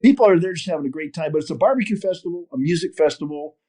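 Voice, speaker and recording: A man's voice: a little high, very fast. Rambling older male storyteller. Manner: rambling, animated storyteller with many restarts. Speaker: podcast guest, fishing TV host. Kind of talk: storytelling interview over a call.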